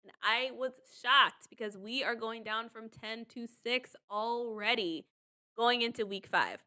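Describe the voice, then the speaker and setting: A woman's voice: a little high, measured pace, sharp tone. A woman giving a casual, chatty recap of a reality show, retelling scenes with many fillers. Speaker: commentary channel host.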